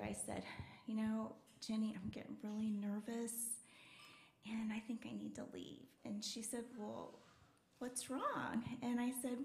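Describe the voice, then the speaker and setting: A woman's voice: on the high side, creaky, darkish tone. Chatty woman comic in a roomy club. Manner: chatty storytelling with frequent fillers. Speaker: stand-up comedian. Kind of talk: stand-up comedy set. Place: comedy club stage. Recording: roomy club with faint noise.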